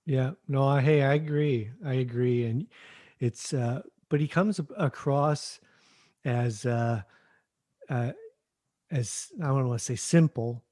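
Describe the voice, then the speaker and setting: A man hosting a podcast in casual chat, speaking haltingly with many fillers. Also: medium pitch, dark tone, no echo. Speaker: podcast host.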